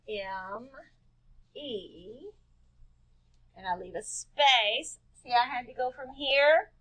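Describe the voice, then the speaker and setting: A woman's voice: on the high side, fairly bright tone. A woman teaching young children a writing lesson, patiently spelling words letter by letter and asking questions she answers herself. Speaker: kindergarten-level teacher.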